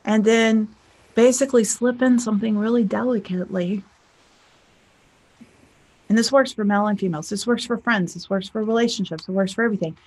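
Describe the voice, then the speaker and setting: A woman's voice: mid-range voice, brisk, pauses often, darkish tone. A woman life coach giving casual relationship advice in a chatty storytelling manner, acting out bits of dialogue. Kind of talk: casual advice talk to viewers.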